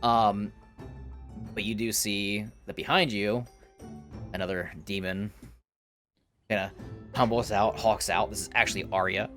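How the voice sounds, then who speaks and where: A man's voice: fairly low pitch, steady tone, unhurried, pauses often, fairly bright tone, soft background music. A man narrating a tabletop role-playing game as game master, casual and swearing freely. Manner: casual, swears, laughs often.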